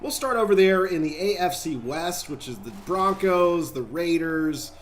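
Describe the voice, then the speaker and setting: A man's voice: on the high side, animated, measured pace, a little hiss or hum. Chatty man rambling over gameplay. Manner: chatty, rambling, talks straight to viewers. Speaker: gaming channel host. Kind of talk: casual gameplay commentary.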